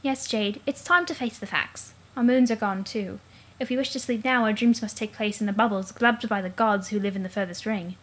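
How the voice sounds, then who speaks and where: A woman's voice: mid-range voice, fairly quick, close to an everyday voice. A woman voicing a bubbly teenage alien sea princess who teases with fish puns. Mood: chirpy. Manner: fish puns, cheery, teasing.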